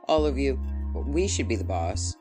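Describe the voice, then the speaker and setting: A man's voice: medium pitch, sing-song, normal speed, music in the background, close to an everyday voice. A man voicing a pair of eyes that haughtily claim to be the boss. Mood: haughty. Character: haughty eyes, sure of their rank.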